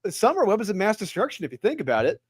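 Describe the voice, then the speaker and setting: A man talking as a guest in a casual chat, joking and quick to laugh. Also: high-pitched, huge pitch swings, slightly rough, no room sound, studio quality.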